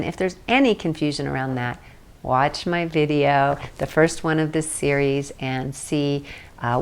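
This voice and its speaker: A woman leading a guided tapping session, speaking slowly, repeating phrases, and laughing often. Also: rumbling low, vocal fry. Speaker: tapping instructor.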